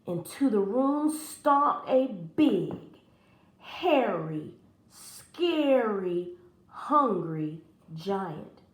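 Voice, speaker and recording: Slow, expressive woman teacher reading aloud. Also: medium pitch. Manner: expressive and animated. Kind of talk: storybook read-aloud for children. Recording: roomy echo.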